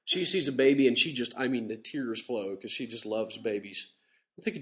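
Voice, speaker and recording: A middle-aged man preaching a sermon in a lively, conversational way, slowing down to read scripture with emphasis. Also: mid-range voice. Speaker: pastor. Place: church.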